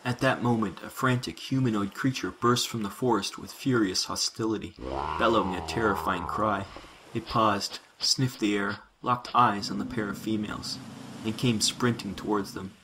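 A man narrating science fiction in a measured, dramatic reading. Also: on the low side, fairly even intonation, background noise.

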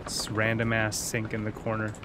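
A man giving excitable, jokey let's-play commentary as a gaming streamer. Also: on the low side, moderate pace, over loud music.

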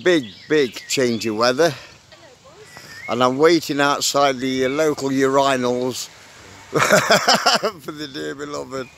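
A man's voice: medium pitch, a bit bright, slight background noise. A man, rambling casually while vlogging at a rainy campsite. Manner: chatty, rambling, laughs often. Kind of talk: casual outdoor vlog. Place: wet campsite outdoors in rain.

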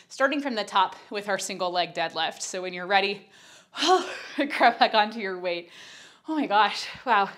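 A woman's voice: mid-range voice, fairly bright tone. A young woman teaching a Pilates workout, out of breath, chatty and candid as she counts reps and talks through the moves. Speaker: Pilates instructor. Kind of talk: workout instruction.

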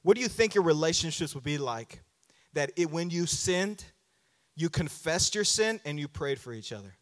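A male pastor with a slightly high voice, lively intonation and normal pace delivers a conversational sermon in a church sanctuary, acting out quoted apologies and calling for amens. The recording carries church hall reverb with faint music.

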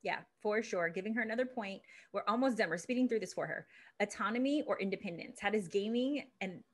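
A woman's voice: mid-range voice, lively intonation, brisk. A woman relationship expert hosting an interview, upbeat and encouraging, laughing often with her guest.

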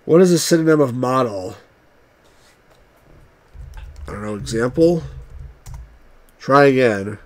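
His pitch sits in the middle and his delivery is expressive at an ordinary speed. The man is a channel host and game reviewer playing through vintage computer games, voicing the on-screen text and adding dry, grumpy asides.

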